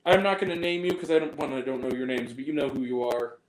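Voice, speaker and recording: A man's voice: medium pitch, fast talker, a little hiss or hum. A man hosting a movie review vlog, venting in a heated, profane rant and often repeating himself. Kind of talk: angry ranting vlog monologue. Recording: roomy echo.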